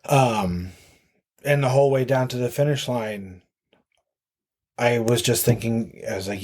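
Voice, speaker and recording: A man's voice: mid-range voice, unhurried, pauses often, a little mellow. A man, a podcast guest telling a long story casually, full of fillers and restarts. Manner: rambling with many fillers and restarts. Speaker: podcast guest, marathon runner.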